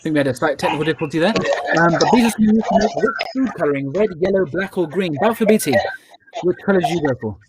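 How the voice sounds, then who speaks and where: A man hosting a live online charity quiz, reading questions slowly and slipping in joking asides. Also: a little high, animated, a loud crowd. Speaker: quiz host. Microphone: earbud headset.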